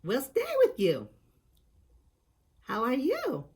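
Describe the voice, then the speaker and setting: A man voicing a pair of tiny, innocent fairy women in a soft, breathy, high girlish voice, drawing out the vowels gently. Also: huge pitch swings, full character voice. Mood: sweet. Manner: slow and gentle, airy vowels.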